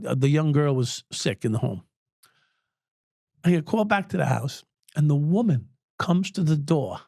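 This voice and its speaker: A man, telling profane, animated stories as an interview guest and at times breaking into shouts. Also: fairly high pitch, gravelly, no echo, clean studio sound. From United States. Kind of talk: storytelling interview.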